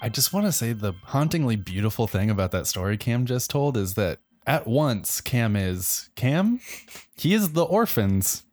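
A male podcast co-host telling absurd comic stories in a deadpan way. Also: mid-range voice, normal speed. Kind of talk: comedic podcast banter.

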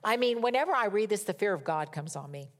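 A woman delivers a sermon in a mid-pitched voice. She reads scripture with drama, building to loud emphatic peaks, then dropping to hushed whispers. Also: animated, quick pace. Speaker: preacher.

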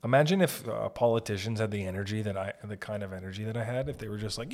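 A man with a non-American English accent hosting a podcast, rambling and swearing in loose, animated casual chat. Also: on the low side, fast, few pauses. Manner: rambling, profane, animated riffing. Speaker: podcast host.

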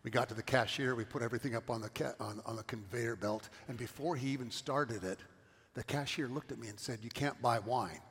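A man's voice: mid-range voice, fairly even intonation, fast talker, a bit bright, husky, long reverb tail. A middle-aged man from California, a pastor giving a sermon and telling stories with asides to the congregation.

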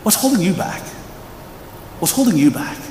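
Animated high-voiced preacher in echoey hall. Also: male voice, normal speed. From Philadelphia, USA. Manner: animated, chatty, asks the audience questions. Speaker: pastor. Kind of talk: conversational sermon. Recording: echoey hall reverb, faint room noise.

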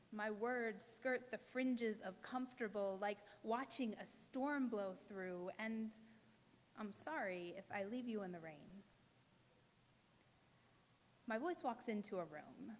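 A woman poet performs spoken word on a stage before a live audience, each phrase measured and emphatic. Her voice sits a little high, and she takes her time with it. The sound rings out with a long hall reverb. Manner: measured, emphatic poetic delivery with deliberate pauses.

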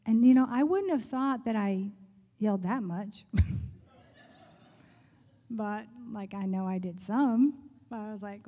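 A woman telling a personal faith story in a church talk, earnest and quick to laugh, dropping to a hushed voice when she prays. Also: mid-range voice, steady tone, in a large hall. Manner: earnest, laughs often, drops to a soft hush in prayer. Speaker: speaker sharing a testimony.

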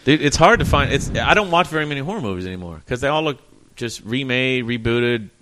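A man's voice: mid-range voice, lively intonation, fairly quick, background noise. A man guesting on a podcast, laid-back and rambling, with lots of "like" as he chats. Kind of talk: casual podcast chat.

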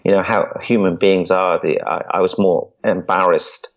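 A man's voice: deep voice, fairly even intonation, moderate pace. A man, a podcast guest, telling his story in an earnest way and often repeating words as he starts a sentence. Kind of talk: storytelling interview. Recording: dull lo-fi audio.

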